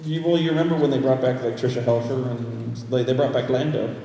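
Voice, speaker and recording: A man's voice: medium pitch, fairly even intonation, fast, mellow, a little hiss or hum. A man hosting a live convention Q&A, ranting animatedly and swearing often. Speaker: convention panel host. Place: large convention hall. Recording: echoey hall, distant mic, audience.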